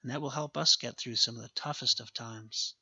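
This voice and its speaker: A man's voice: mid-range voice, fairly even intonation, brisk, gravelly, sharp tone, husky, dry recording, muffled recording. A man preaching a sermon as a pastor, earnest and emphatic, repeating his key phrases for weight.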